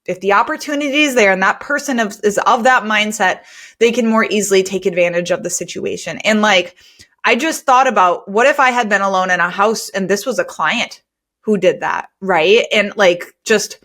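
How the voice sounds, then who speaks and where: Woman, podcast host, candid storytelling, earnest, chatty with fillers, mid pitch. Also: moderate pace, a bit bright. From United States. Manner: earnest, conversational, filler-heavy. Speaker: cleaning business owner and podcast host.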